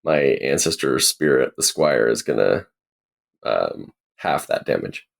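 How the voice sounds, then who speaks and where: A man describes his character's moves at a tabletop game. His voice is very low and his delivery is slow and unhurried. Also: expressive, creaky. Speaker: player.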